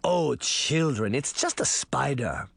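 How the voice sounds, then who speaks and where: A man's voice: mid-range voice, expressive, takes it slowly, gravelly, husky, dry recording, heavily acted. A man doing a soothing old granny. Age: older. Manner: gentle, soothing tone. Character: kindly old grandmother, soothing and unflappable.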